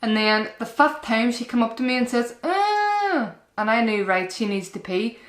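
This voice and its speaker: A woman's voice: a little high, steady tone, brisk, fairly bright tone. A young woman and mum giving earnest, chatty parenting advice to camera in a casual vlog style, often calling her viewers "guys" and repeating herself. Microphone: camera-mounted shotgun mic. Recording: echoey room.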